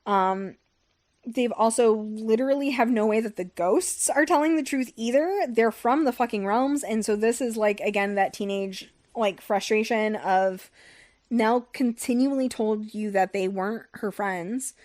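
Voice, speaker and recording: A slightly high, slightly slow voice with a darkish tone belongs to this young podcast host, who recaps a novel in a rambling, profane, casual chat crowded with "like" and "um."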